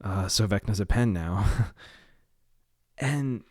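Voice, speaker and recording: A man with a low voice and a slight lisp hosts his solo podcast in a casual, rambling way. He wanders off topic, then steers back. The sound is close and dry. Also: slow pace, darkish tone, no room sound. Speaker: podcast host.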